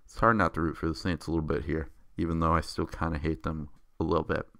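A man with a low, deep voice rants loosely about football, swearing freely and jumping between excitement and mockery. He is recorded up close, with a dry sound and no room echo. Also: fast, gravelly. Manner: profane, excitable, mocking. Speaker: sports vlogger. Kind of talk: casual football rant.

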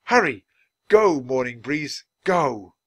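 A man's voice: a little high, expressive, a little fast, fairly bright tone, no echo, pitched above the performer's own voice. A man reading aloud and voicing an eager, anxious young boy who keeps calling out urgently. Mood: shouting.

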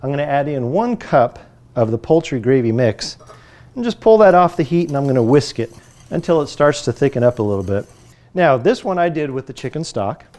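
A man's voice: mid-range voice, animated, a little fast, a little mellow. A man, a chef, presenting a friendly step-by-step cooking demonstration in a kitchen.

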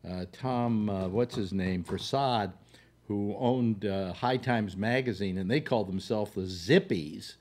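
Older male host, low-pitched, rambling and halting storyteller. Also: a little mellow. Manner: halting, full of fillers and restarts. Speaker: radio talk show host.

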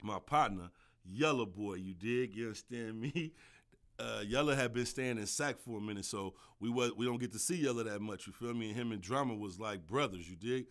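A man telling a story on his podcast in a loose, slangy, animated way, with constant "you dig" and "you feel me" asides. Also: on the low side, brisk. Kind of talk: casual storytelling monologue.

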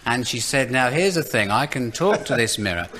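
A man on a comedy panel show telling an improvised comic story, playful and brisk, dipping into quick character voices. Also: mid-range voice, very animated. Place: radio studio before a live audience. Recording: loud audience laughter behind.

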